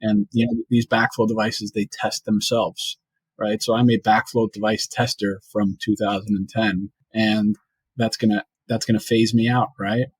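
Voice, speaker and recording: A man's voice: fairly low pitch, level tone, moderate pace, breathy edge, dry recording, poor audio. A man with a New York accent, a guest on an interview podcast, talking casually and often checking in with "right?". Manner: chatty, often ends points with "right?". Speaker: podcast guest, industry executive.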